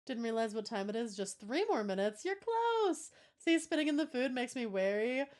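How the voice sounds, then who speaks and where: Playful, higher-voiced young woman streamer. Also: big pitch swings, darkish tone. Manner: playful, chatty, reads chat messages aloud with quick giggly asides. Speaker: livestreamer. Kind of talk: casual chat with a live stream audience.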